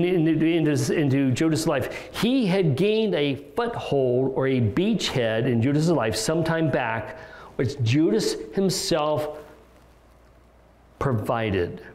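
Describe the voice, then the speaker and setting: A man's voice: on the high side, darkish tone, reverberant. A male pastor preaching an expository sermon in a conversational way, with restarts and rhetorical questions. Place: church sanctuary.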